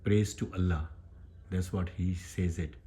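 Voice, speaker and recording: A man from Pakistan with a Pakistani accent, hosting a casual home vlog in halting English full of fillers and restarts. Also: low-pitched, fairly even intonation, mellow, a little hiss or hum. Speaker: YouTube channel host.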